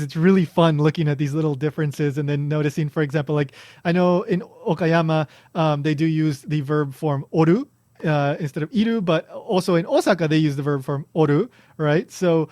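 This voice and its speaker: A man's voice: a little high, fairly quick, a little mellow, dry recording, clean studio sound. A man hosting a podcast, chatting casually and explaining things with lots of restarts and fillers. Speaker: podcast host.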